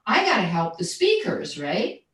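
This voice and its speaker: Guesting on a conversational livestream interview, a voice coach and jazz singer explains technique at a moderate pace in an easygoing manner. Her mid-range voice sits back from the microphone in a roomy, echoing space, and she leans on a steady "right?" and repeats words when searching.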